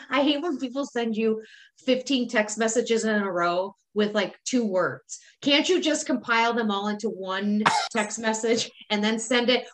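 A woman co-hosting a casual chat podcast, ranting bluntly and with exasperation about pet peeves. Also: on the high side. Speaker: podcast co-host.

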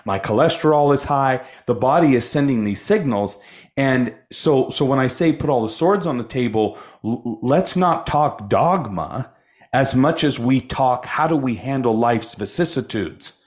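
A man's voice: medium pitch, lively intonation, measured pace, darkish tone. A man speaking as a guest life coach on a podcast, emphatic and preacher-like, repeating phrases for effect. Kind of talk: inspirational podcast talk.

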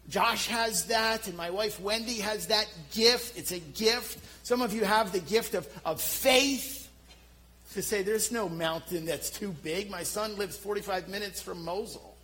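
A middle-aged man with a Philadelphia accent preaching a sermon, telling self-deprecating stories in an animated way. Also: high-pitched, low-quality recording. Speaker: pastor.

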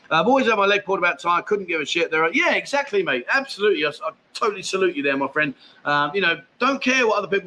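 A man's voice: high-pitched, sharp tone, slight background noise. A man from England with an English accent, hosting a casual livestream where he reads out and answers viewer comments bluntly, calling people mate. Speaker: livestream host. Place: expat home in Thailand.

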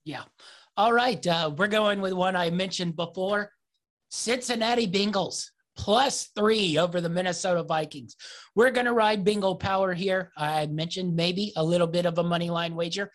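A man's voice: sits high, moderate pace. A man co-hosting a casual sports betting chat, loose and upbeat, with lots of filler words. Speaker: podcast co-host.

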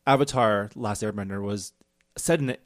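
Low-voiced hesitant male co-host. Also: normal speed, no room sound, clean studio sound. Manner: hesitant, laughs often. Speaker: podcast co-host. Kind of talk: casual podcast conversation.

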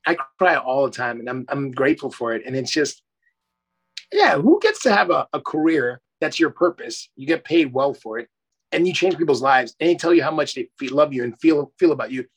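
A man's voice: medium pitch, lively intonation, a little fast, slightly rough. A middle-aged man, a life coach, talking effusively and emphatically in a casual interview, swearing casually.

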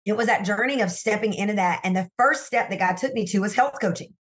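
Animated woman telling her story. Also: medium pitch, quick pace. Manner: animated, emphatic storyteller who addresses listeners directly. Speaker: sales coach and guest. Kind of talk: candid faith-based interview storytelling. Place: her home office.

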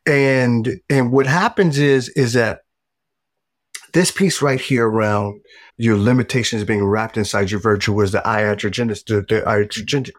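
A middle-aged man, a guest author, telling a personal story in casual conversation, animated and emphatic, swearing freely. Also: medium pitch, dry recording, clean studio sound.

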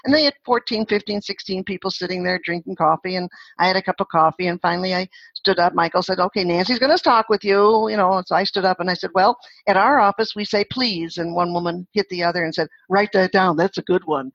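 A woman's voice: fairly low pitch, quick pace, a bit bright, slightly rough, dry recording, dull audio. An older woman guest on an interview, telling stories in a chatty way and laughing as she acts out other people's lines. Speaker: guest, phone-skills trainer. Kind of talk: podcast interview storytelling.

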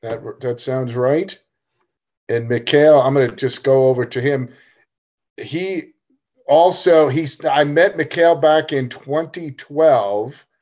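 A tennis coach talks through his thoughts on a casual podcast, often restarting sentences. His voice is at a medium pitch for a man. The recording sounds a little dull and lo-fi. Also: slow pace, darkish tone. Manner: thoughtful, explanatory, with frequent restarts. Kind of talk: casual chat.

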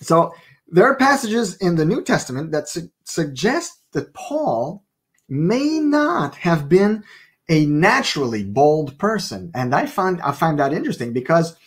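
A man's voice: on the high side, big pitch swings, unhurried, husky. A man co-hosting a casual faith podcast, playful and fond of wordplay, telling stories with animation. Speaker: podcast co-host and author.

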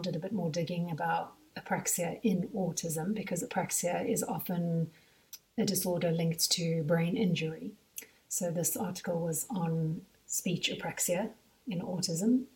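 A South African woman talks through her podcast in a loose, chatty way, wandering into asides as she thinks aloud. Her voice sits fairly low for a woman. She sounds a little set back from the microphone. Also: darkish tone, distant mic. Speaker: podcast host and mother. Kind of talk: casual podcast monologue.

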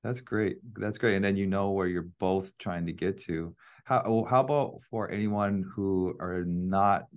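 A man's voice: low-pitched, measured pace, few pauses. A man hosting a podcast, affirming and encouraging his guest in casual chat. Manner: encouraging, affirming with frequent yeahs. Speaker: podcast host.

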